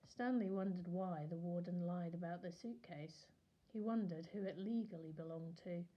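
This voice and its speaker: A woman teacher reading a novel aloud in a steady storytelling manner. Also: fairly low pitch, moderate pace, highs cut off. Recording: echoey room.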